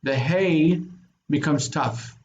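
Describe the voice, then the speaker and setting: A man teaching a Biblical Hebrew grammar lesson, explaining patiently and slowing down to spell out word forms. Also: fairly high pitch, darkish tone, lo-fi sound.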